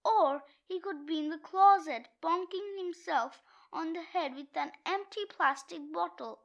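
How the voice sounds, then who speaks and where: A woman reads a comic book aloud in a playful manner, voicing every character herself. Her voice is very high and bright, and she takes the story at a slow, unhurried pace. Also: gravelly, lo-fi sound. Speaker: read-aloud narrator.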